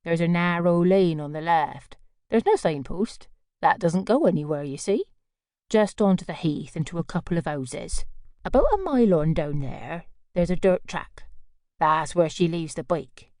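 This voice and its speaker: A woman's voice: lowish voice, animated, moderate pace, a little mellow, dry recording, natural voice. A woman doing a dry caustic postmistress. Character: dry sharp middle-aged village postmistress.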